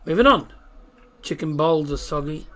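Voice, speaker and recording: On a casual live football watchalong stream, a man reads out team lineups and chats with viewers, reading their messages aloud. His voice sits on the high side, animated and sharp, at a moderate pace.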